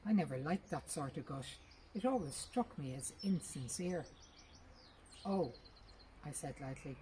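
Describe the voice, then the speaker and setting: A woman reading a short story aloud in a lively, expressive first-person narration. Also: low voice, moderate pace, slight background noise, low-quality recording. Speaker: reader.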